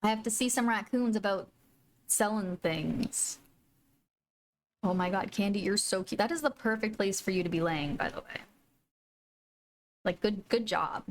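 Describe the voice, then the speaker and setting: A woman's voice: medium pitch, normal speed, pauses often. A woman live-streaming a video game, chatting casually with viewers and gushing over her pets. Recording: faint music behind.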